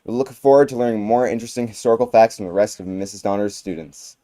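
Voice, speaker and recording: A man's voice: fairly low pitch, mellow. A young man co-anchoring a student news show, reading items from a script with occasional slips. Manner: halting read with slips.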